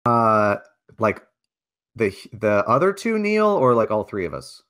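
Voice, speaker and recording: A man's voice: lowish voice, big pitch swings, unhurried, fairly bright tone. A man playing in a tabletop game, joking and laid-back. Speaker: player. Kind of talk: casual tabletop play.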